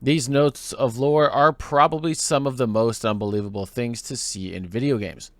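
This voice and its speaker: A man's voice: medium pitch, steady tone, normal speed, no room sound. A man hosting a gaming lore video essay, explaining in a conversational way. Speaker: host.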